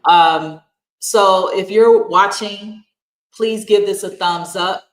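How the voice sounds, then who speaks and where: A woman's voice: mid-range voice, slow pace, roomy sound, rough recording. A woman hosting a live stream, telling viewers to like, comment and join. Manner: direct, gives viewer instructions.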